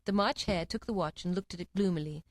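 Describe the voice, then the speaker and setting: A woman narrating a storybook in an expressive, lively reading. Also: fairly low pitch, fast, no room sound, clean studio sound.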